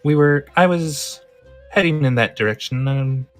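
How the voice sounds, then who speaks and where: A man voicing a cautious winged adventurer in a tabletop game, calm and measured. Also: on the high side, soft background music, pitched above the performer's own voice, close to an everyday voice. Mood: guarded. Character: cautious winged male adventurer hiding in trees.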